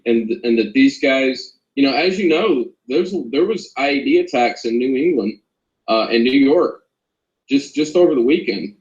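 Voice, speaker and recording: A man's voice: medium pitch, reverberant, highs cut off. A man, a former corrections officer, speaking as an interview guest, earnest and polite. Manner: earnest, polite, addresses host as ma'am. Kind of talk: interview over a call.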